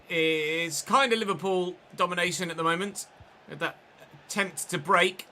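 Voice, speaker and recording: This gaming streamer's voice is bright and forceful, on the high side, with a little hiss or hum behind it. He streams a football game live, delivering play-by-play and chatting with viewers along the way.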